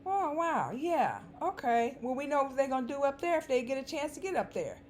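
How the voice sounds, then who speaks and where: Racing along in a high voice, a female vlogger offers a sarcastic, emphatic commentary monologue. Her tone is dry and scratchy, and she repeats words for emphasis.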